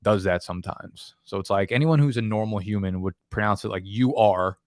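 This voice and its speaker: A man's voice: lowish voice, a little fast, no room sound, studio quality. Profane, emphatic New York-area man. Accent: New Jersey/New York. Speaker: fantasy football host. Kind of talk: casual live stream chat.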